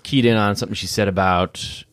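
Low-voiced male co-host, dry. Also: steady tone, a little fast, fairly bright tone, no echo. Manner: reflective, stammering starts. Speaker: podcast co-host. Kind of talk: casual chat.

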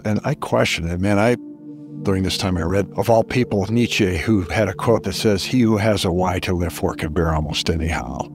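A man's voice: deep voice, normal speed, over music. A middle-aged man as a podcast guest, earnestly telling a personal story with reflective emphasis.

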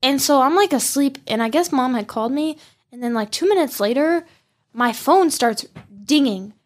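Young woman guest on a podcast, kinda high voice, says like constantly. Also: expressive, normal speed. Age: young adult. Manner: chatty, filler-heavy with "like". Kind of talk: casual podcast chat.

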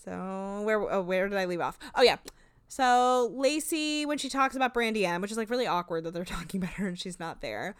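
A woman's voice: mid-range voice, animated, brisk, smooth, no room sound. A woman co-hosting a podcast, chatting casually about a reality show and sarcastically acting out the cast's lines. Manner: chatty, sarcastic, acts out quotes in funny voices. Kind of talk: casual chat.

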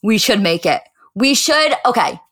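A young woman co-hosting a casual podcast, speaking in a measured, teasing, playfully diplomatic way. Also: a little high, expressive, fairly bright tone. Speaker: podcast co-host.

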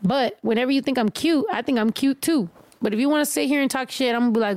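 A woman chats to her livestream audience in a lively, joking, foul-mouthed way. Her voice sits on the higher side, and the sound is dry, with little room echo. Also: racing. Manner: profane, animated, joking. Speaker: livestream host. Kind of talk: casual livestream chat.

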